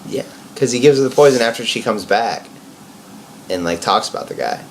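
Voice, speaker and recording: A man's voice: mid-range voice, lively intonation, brisk, slight background noise, poor audio. A young man co-hosting a podcast in casual chat, blunt, sarcastic and teasing. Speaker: podcast co-host.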